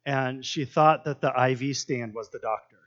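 A man's voice: medium pitch, normal speed, a bit bright, lo-fi sound. A man leading a casual devotional Bible teaching, chatty and earnest with lots of fillers.

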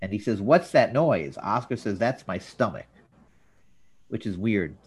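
Lowish-voiced guy retelling a show, pitch bouncing all over. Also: measured pace, a little hiss or hum. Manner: animated, jumps up in pitch for quoted characters. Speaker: podcast host. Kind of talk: casual recap, reading out scenes with voices.

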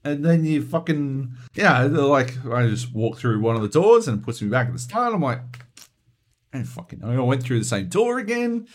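A man's voice: mid-range voice, very animated, normal speed, few pauses. A man co-hosting a gaming podcast, ranting animatedly and swearing constantly in casual chat. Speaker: podcast co-host.

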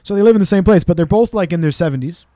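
A man telling stories in a casual, animated way as a podcast co-host, now and then doing quick voices of the people he quotes. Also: high-pitched, no room sound, studio quality. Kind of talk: casual storytelling chat.

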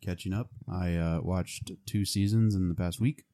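A man's voice: sits low, steady tone, moderate pace, warm tone. A man in casual chat, rambling with restarts and laughing often.

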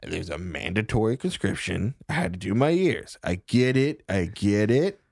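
A man's voice: fairly low pitch, sing-song, normal speed, creaky, a little mellow, no room sound, studio quality, exaggerated voice. A man voicing a jittery young male medic who has a head cold, talking in a stuffy, nasal, rambling and defensive way. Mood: nervous.

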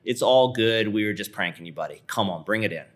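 Man doing a conniving brother, persuasive, chummy, fairly low voice. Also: a little fast, close to an everyday voice. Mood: scheming. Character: scheming brother pitching a deal, adult man.

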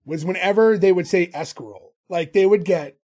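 A man's voice: high-pitched, brisk, warm tone. A man co-hosting a podcast, casually recapping an episode and telling stories. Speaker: podcast co-host. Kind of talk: casual chat.

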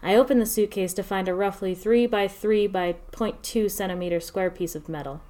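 A woman telling a first-person story in a steady, measured narration. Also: mid-range voice.

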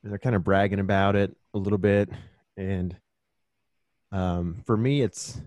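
Low, mellow-voiced man, earnest. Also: steady tone, brisk, no echo. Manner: earnest, reflective storytelling. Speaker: podcast guest. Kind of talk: casual podcast conversation.

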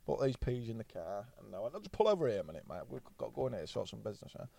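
A man's voice: fairly low pitch, big pitch swings, racing, vocal fry, warm tone, breathy edge, no echo. Blunt, swearing man. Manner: blunt, swears freely, rambling anecdotes. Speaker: podcast guest. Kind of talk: casual storytelling chat.

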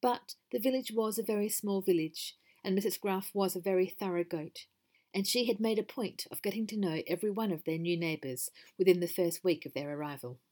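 A woman's voice: mid-range voice, fairly quick, a little mellow. Wry woman reading her own story. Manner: wry, conversational. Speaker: podcast host and storyteller. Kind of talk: storybook narration.

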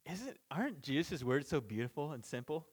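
Higher-voiced man teaching scripture. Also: big pitch swings, normal speed, breathy edge. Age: parent of children. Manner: informal, chuckles between points, restarts mid-sentence. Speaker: pastor. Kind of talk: conversational Bible teaching.

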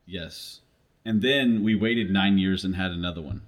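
A man's voice: deep voice, moderate pace. A man from Texas, a traveling minister, chatting as a podcast guest over a video call, joking about himself. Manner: self-deprecating, laughs often. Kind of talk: casual chat.

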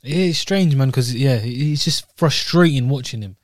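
A man co-hosting a podcast, talking in a measured, frustrated way with casual slang. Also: mid-range voice, dry recording, clean studio sound. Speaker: podcast co-host. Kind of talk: casual chat.

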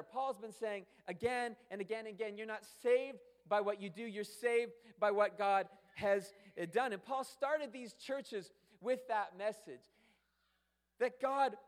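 A man's voice: sits high, a little slow. A man preaching a sermon as pastor, emphatic and fond of repeating phrases and asking rhetorical questions. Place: church sanctuary. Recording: long hall reverb.

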